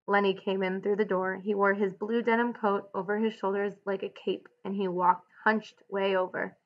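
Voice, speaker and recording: A woman teacher reading a novel aloud and pausing to ask students slow, deliberate questions. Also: medium pitch, little pitch movement, muffled recording. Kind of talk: read-aloud with guided questions.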